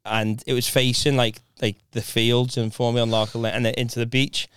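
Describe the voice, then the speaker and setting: A man in casual chat, telling a story with lively acted-out voices and plenty of swearing. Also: medium pitch, fairly quick, smooth.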